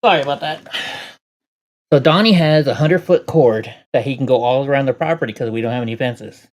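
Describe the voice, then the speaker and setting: A man's voice: mid-range voice, a little fast. A man hosting a casual livestream, rambling to viewers and his dog. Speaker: livestream host.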